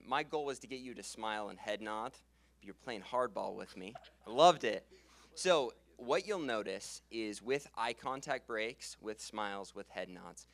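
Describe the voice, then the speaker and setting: A young man coaching a live seminar audience on sales, energetic and quick to laugh, and he closes his sentences on a falling pitch. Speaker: sales trainer. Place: conference room with live audience. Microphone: handheld stage mic.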